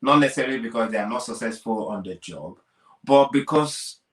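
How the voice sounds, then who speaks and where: A man's voice: mid-range voice, animated, a little fast, roomy sound, recorded from a distance. A man co-hosting a relationship talk, making earnest points through examples and repetition. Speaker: co-host of a relationship talk show. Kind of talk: conversational discussion.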